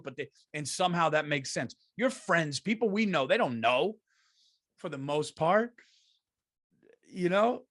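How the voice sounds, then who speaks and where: A man's voice: animated, normal speed, dry recording. Podcast host: middle-aged New guy, foul-mouthed ranter, raised voice, dead-dry booth sound. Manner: profane, swings from loud rants to low muttering. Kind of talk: ranting comedic monologue.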